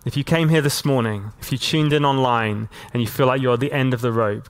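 A man preaching a sermon as a pastor, talking in a relaxed, conversational way with lots of casual fillers and slowing right down to stress key lines. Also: mid-range voice, smooth. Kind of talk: sermon to a church and online audience.

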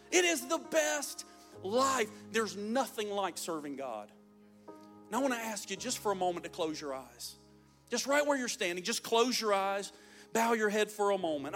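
A man's voice: very high voice, fairly bright tone. A man preaching a fervent, emphatic sermon to a congregation. He often drops in "man" and "listen" as he presses his points. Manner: peppers talk with "man" and "listen". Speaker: pastor. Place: church service before a congregation.

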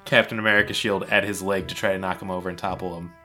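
A man playing a tabletop game, talking in a halting, hesitant way. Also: low voice, little pitch movement, sharp tone, faint music behind. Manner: halting, hesitant, laughs at himself. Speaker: player. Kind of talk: casual game chat.

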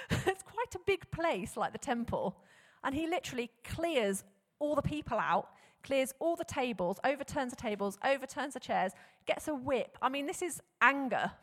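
A woman preaching a sermon, animated and conversational, often posing rhetorical questions to the congregation. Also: high-pitched. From England. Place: church hall. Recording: long hall reverb.

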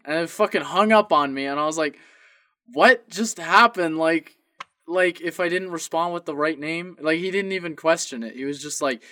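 A man's voice: on the high side, moderate pace, pushed and bright, no echo, studio quality. A young man on a podcast telling a rambling story about wrong-number phone calls, acting out both sides of each call. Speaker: podcast co-host. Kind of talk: casual storytelling.

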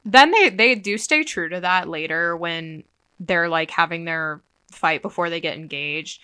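A woman podcast co-host, chatting casually and bluntly about a show. Her voice is bright and forceful, sitting low, and the recording is dry and close. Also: unhurried, clean tone, dry recording. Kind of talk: casual chat.

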